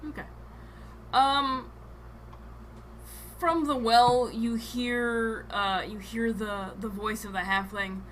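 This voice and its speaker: A woman narrating a tabletop game as game master, pausing often with ums and restarts. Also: fairly high pitch, fairly even intonation, fairly bright tone, a little hiss or hum, low-quality recording. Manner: hesitant, with many ums and restarts.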